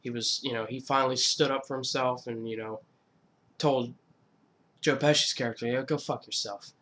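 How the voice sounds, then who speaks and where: A man in a middle pitch, chatting loosely through a countdown for his channel. He rambles with fillers and restarts and swears freely. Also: fairly even intonation, normal speed, sharp tone. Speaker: YouTuber. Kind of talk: casual movie countdown.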